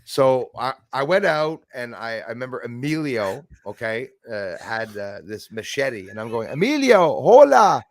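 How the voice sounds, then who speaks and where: A man whose first language is French, hosting a casual chat and telling animated stories with mimicked accents. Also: mid-range voice, normal speed, few pauses. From Canada. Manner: animated storyteller, mimics accents, laughs often. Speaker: channel host.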